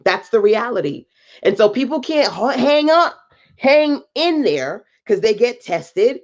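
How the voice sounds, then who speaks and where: A woman business coach on a live stream, talking slowly and emphatically in a preachy motivational style with slang asides and greetings to viewers. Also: fairly high pitch, very animated, a little mellow, lo-fi sound. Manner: deliberately slow delivery.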